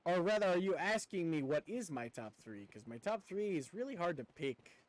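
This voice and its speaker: A man's voice: high voice, animated, normal speed, no echo, poor audio. A young man with a slight rural Southern twang, chatting casually with viewers while he plays a game, rambling and swearing now and then. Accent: rural American Southern twang. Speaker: streamer.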